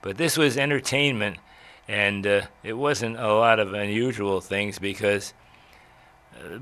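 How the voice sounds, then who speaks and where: An older man, a radio veteran, telling old stories in a rambling way with many pauses and restarts. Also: fairly low pitch, pushed and bright. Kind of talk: reminiscing talk.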